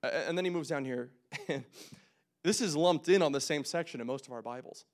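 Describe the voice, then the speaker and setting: A young man preaching in a relaxed, conversational way. His voice sits a little on the high side, and he keeps tossing off jokes and quick asides as he walks through a passage. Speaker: pastor. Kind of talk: casual sermon.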